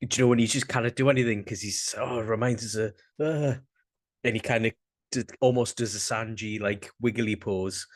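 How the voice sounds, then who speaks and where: A young man with a Northern English accent, co-hosting a casual chat, rambling and halting and swearing casually. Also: lowish voice, steady tone, dry recording. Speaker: podcast co-host.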